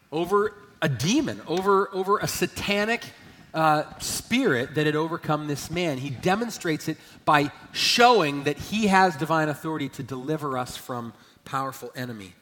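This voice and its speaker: A man preaching a sermon as a pastor, emphatic, swelling loud and then dropping low. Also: slight background noise. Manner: emphatic preaching, rising and falling in volume. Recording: long church hall reverb.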